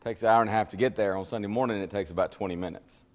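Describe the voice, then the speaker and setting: A man talks in a relaxed, storytelling way before a Bible class, tired and quick to laugh at himself. His voice sits on the low side. The sound carries a long reverb, like a big hall. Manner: chatty, self-deprecating, laughs at his own stories. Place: church classroom.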